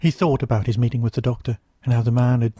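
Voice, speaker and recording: A man, the host of a podcast, narrating a short story in a measured, steady reading. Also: mid-range voice, slightly rough, no echo, studio quality.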